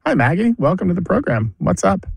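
A middle-aged man hosting a radio show about language, joking lightly and speaking clearly and precisely. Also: sits high, big pitch swings, a little fast, no room sound. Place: radio studio. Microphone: studio microphone.

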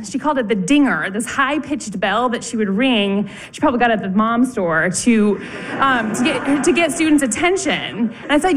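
A woman in her thirties telling a personal story live, lively and self-mocking, with casual fillers. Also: fairly high pitch, normal speed.

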